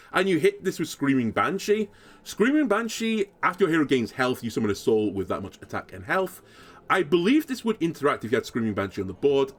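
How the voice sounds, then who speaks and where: A man giving card review commentary as a content creator, animated and thinking aloud as he goes. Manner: animated, swooping pitch, thinks aloud with fillers.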